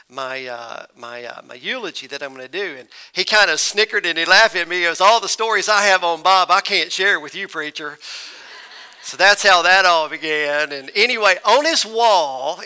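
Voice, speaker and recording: A man's voice: sits high, bright, forceful tone. A man preaching to his congregation, telling a folksy story and calling them folks and y'all. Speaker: pastor. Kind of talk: storytelling sermon. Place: church.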